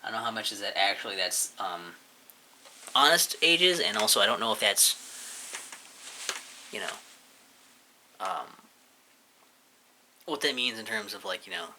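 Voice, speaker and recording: A man's voice: on the low side, sing-song, unhurried, pauses often, bright, forceful tone, slight background noise. A man casually rambling through a look back at his own channel, mumbling and swearing offhandedly as he goes. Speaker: YouTuber reviewing his channel.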